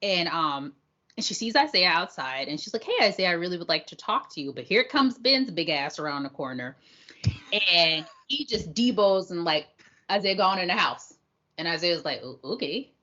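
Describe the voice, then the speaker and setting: A woman's voice: lowish voice, expressive, moderate pace, sharp tone, dull audio. A woman co-hosting a podcast, recapping scenes in casual review chat with blunt, slangy, playful remarks. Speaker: podcast co-host.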